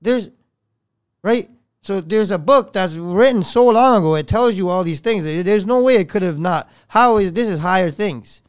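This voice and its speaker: A man with a notably high speaking voice talks as a podcast guest in a dry, close recording. He rambles and swears freely, his delivery rising and sinking with strong feeling as he tells his story. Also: expressive, normal speed, clean tone, dry recording. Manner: rambling, swears often, voice swells and drops with feeling. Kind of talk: emotional conversational storytelling.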